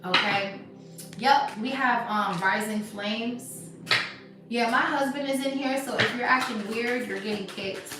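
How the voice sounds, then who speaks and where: A woman doing a live tarot reading in casual, slangy chat, talking emphatically and sometimes dropping to a soft hush. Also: on the high side, measured pace. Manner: animated, emphatic, swings to soft hushed stretches. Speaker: tarot reader. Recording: echoey room, voice distant from mic, music behind. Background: background music.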